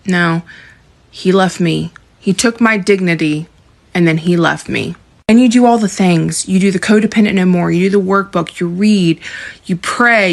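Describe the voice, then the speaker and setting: Candid woman in her thirties confiding. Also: on the low side. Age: 30s. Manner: candid, emotional, pleading. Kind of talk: confessional vlog.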